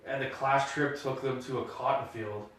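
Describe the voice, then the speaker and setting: A man's voice: medium pitch, moderate pace. A man co-hosting a podcast, telling stories in casual chat and acting out the quotes with gusto. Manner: animated storyteller, acts out quotes loudly. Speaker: podcast co-host. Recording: roomy echo, mic at a distance.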